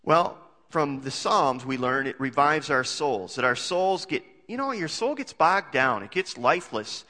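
Male pastor, somewhat high and bright voice, chatty sermon with homely jokes, long hall reverb. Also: lively intonation, a little slow. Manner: conversational, full of rhetorical questions and homely jokes.

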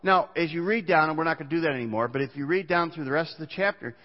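A man's voice: a little high, fast. A man preaching a sermon as pastor, earnest, reading scripture aloud with small restarts. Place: church sanctuary. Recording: muffled church recording with long reverb.

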